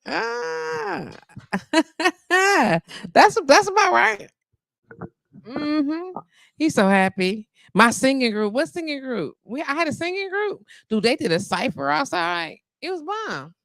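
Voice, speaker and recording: A woman's voice: high voice, big pitch swings, unhurried, a bit bright, no echo, studio quality. A woman hosting a live radio show, chatting casually, laughing often and cooing baby talk at her dog.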